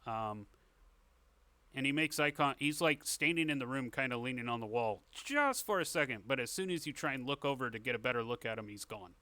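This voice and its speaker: A man narrating as game master of a tabletop game, descriptive and measured with fillers. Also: medium pitch, lively intonation, bright, forceful tone, no room sound.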